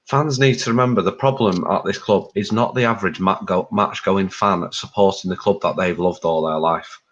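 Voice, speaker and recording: A man with a very low voice gives his candid, rambling view in a casual fan discussion. The audio is dull and lo-fi. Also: normal speed. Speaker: fan pundit.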